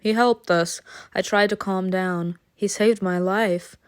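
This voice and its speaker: A woman reads an interactive story game aloud at an unhurried pace, voicing the narration with drama. She keeps breaking into giggles and excited asides. The sound is dry and close, with no room around it. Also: medium pitch, smooth, no echo. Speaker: game streamer reading a story game.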